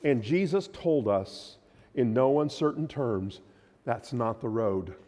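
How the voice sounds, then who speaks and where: A man preaching a sermon as pastor, emphatic, his voice swinging from loud declarations to quiet, low lines. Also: expressive, slow. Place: church sanctuary. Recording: long hall reverb.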